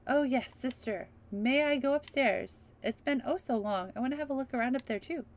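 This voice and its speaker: A woman reading as a cheerful young noble girl, a little higher. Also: moderate pace. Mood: happy. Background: game music.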